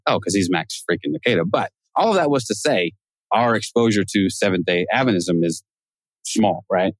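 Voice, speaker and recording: A man's voice: on the low side, animated, moderate pace, dry recording. A man hosting a podcast in a casual, joking conversational way, laughing often. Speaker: podcast host.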